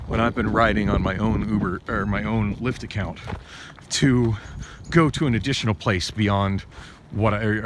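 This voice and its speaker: In this vlog clip with background noise, a man goes on about a bad ride he had. He keeps restarting and using fillers, rambles through the story, and sounds higher when he gets upset.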